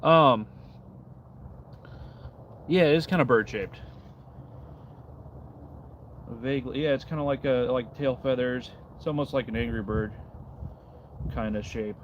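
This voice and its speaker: A man's voice: mid-range voice, unhurried, long pauses, lo-fi sound, slight background noise. A man casually chatting on a livestream outdoors in the cold, reading out and answering chat messages. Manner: laid-back, reads and answers chat while carving. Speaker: livestream host.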